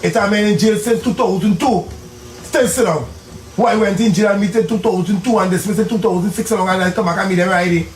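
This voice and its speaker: A man's voice: high voice, fast, roomy sound, a little hiss or hum, rough recording. A man being interviewed on the street, giving earnest, preachy advice.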